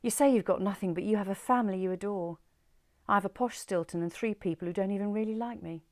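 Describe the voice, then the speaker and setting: A woman reading the lines of an anxious, hesitant married woman in a story, speaking haltingly. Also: medium pitch, lightly acted. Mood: overwhelmed.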